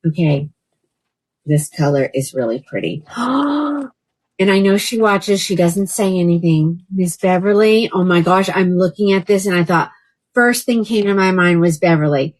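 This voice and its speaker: A woman's voice: lowish voice, expressive, unhurried. A woman from Oklahoma hosting a live shopping stream, chatting casually with viewers by name and gushing over products. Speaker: live shopping host selling wigs. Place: indoors by a fan.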